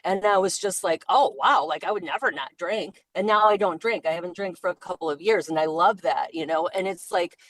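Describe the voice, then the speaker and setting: A woman's voice: lowish voice, fairly quick, few pauses, no echo. A woman talking with a coach over a remote call, rambling and hesitant, often cutting herself off. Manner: rambling, hesitant, self-interrupting. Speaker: caller being coached. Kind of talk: casual talk.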